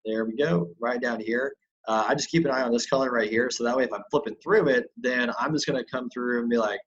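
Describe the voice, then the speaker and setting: A man giving a chatty, loose screen-share software tutorial as an online business coach, with lots of fillers and restarts. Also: mid-range voice, fairly quick, slightly rough, highs cut off.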